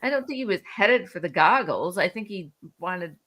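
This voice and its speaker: A middle-aged woman chatting on a podcast in a calm, even-tempered way. She talks things through patiently and gently pushes back. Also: fairly low pitch, normal speed. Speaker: podcast co-host, the host's mother. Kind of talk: casual chat.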